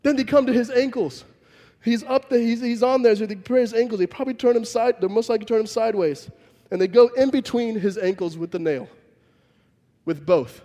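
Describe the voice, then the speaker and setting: A man's voice: very high voice, fairly quick, dark tone. A man preaching a sermon, telling the story vividly and emphatically and acting out the scenes. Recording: long reverb from a large hall.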